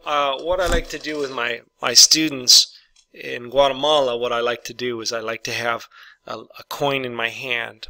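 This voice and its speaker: A man's voice: mid-range voice, sharp tone, no echo. A man teaching an English grammar lesson, patiently walking through example sentences and repeating each one.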